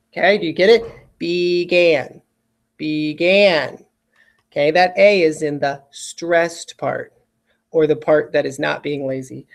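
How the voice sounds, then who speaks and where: A patient teacher leads a recorded spelling lesson for children in a voice of ordinary middle pitch. Each example word is spoken slowly and said twice, with careful, exaggerated enunciation. Frequent check-ins of "okay?" keep the pace gentle and encouraging.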